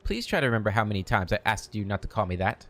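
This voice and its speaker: A man reading aloud as a hurt, proud female half-elf companion, using his own low voice. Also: animated, racing, a bit bright. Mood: reproachful.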